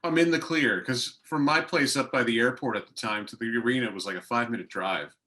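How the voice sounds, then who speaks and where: Bright-voiced male podcast co-host. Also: medium pitch, fast. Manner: animated anecdote-telling, self-mocking. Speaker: co-host, hockey broadcaster. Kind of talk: casual chat.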